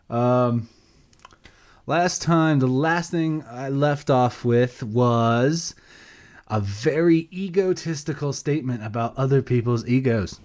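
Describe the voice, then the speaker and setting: A man's voice: mid-range voice, slow, a little mellow. A sleep-deprived man co-hosting a podcast by himself, rambling casually, losing his thread and laughing at himself. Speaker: podcast co-host.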